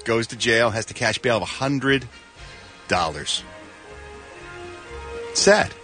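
A man's voice: mid-range voice, lively intonation, takes it slowly, pushed and bright, faint music behind. A man reporting entertainment gossip on a radio show, with sarcastic and playful banter into a studio microphone.

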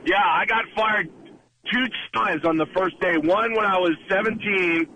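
A man's voice: high-pitched, measured pace, pushed and bright, slight background noise, poor audio. A man calling into a radio show, rambling through a story with hesitations and trailing asides. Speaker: radio caller. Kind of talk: casual phone-in anecdote.

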